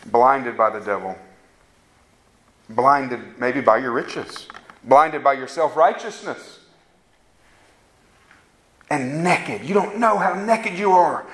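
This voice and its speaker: A man's voice: medium pitch, takes it slowly, long pauses, a bit bright. A man preaching a fervent sermon that rises to emphatic peaks. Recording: echoey room sound.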